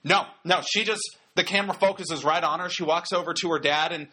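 A man's voice: on the high side, steady tone, brisk, sharp tone. A man giving casual, wry commentary on a wrestling show, talking loosely with lots of fillers. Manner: chatty, wry, many fillers.

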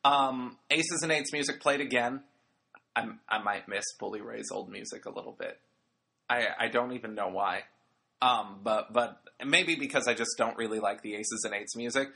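A man's voice: medium pitch, moderate pace, creaky, sharp tone. A man hosting an audio recap of a wrestling show, talking in a casual, rambling way with jokey asides. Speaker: wrestling podcast host.

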